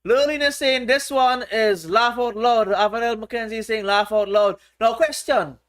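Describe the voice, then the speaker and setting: A man's voice: very high voice, fairly even intonation, moderate pace, fairly bright tone. A man hosting a casual livestream, reading viewers' chat aloud in a playful, teasing way. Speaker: livestream host.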